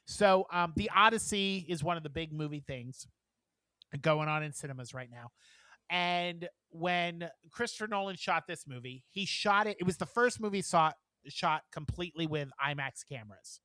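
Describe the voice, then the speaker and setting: A tired man co-hosting a casual podcast, rambling and giggling through his stories. His voice is bright and lively. It is recorded close and dry. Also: a little high, normal speed, clean tone, no room sound. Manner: chatty and giggly, rambling with many fillers. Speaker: podcast co-host. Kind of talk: casual chat.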